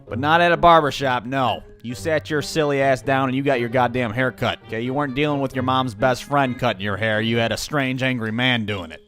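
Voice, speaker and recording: A man's voice: mid-range voice, a bit bright. A young man telling comic childhood stories in a profane, exasperated, punchy way. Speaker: comedic storyteller. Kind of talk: animated comedic storytelling.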